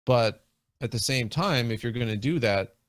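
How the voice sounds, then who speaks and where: In a mid-range voice at normal speed, a man who is a guest in a casual video game discussion speaks at length. His talk is full of fillers and sentences he starts over. The audio has no room sound.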